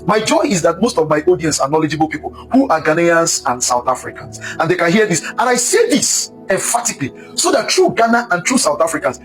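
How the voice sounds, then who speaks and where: A man delivers heated commentary in a high, animated voice that swoops up and down. He talks like a preacher, repeating his points for emphasis. Faint music plays underneath. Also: poor audio. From Nigeria. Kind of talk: impassioned commentary.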